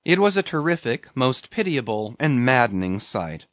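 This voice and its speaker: A man reading a novel aloud as an audiobook narrator, in a dramatic, expressive way, on a dull lo-fi recording. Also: medium pitch, moderate pace, no echo. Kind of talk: scripted narration.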